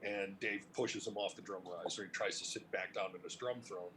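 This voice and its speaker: A middle-aged man from Cleveland, telling stories in a casual interview, animated and profane, laughing as he talks. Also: sits low, moderate pace, a little hiss or hum, poor audio. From Cleveland, United States. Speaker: interview guest, music industry veteran.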